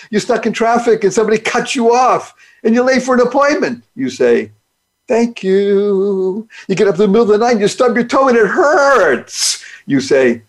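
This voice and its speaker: Male show host, upbeat motivational speaker, playful wordplay, pitched a touch high. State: speaks despite paralysis from a rare disease. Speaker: podcast host. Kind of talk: motivational monologue.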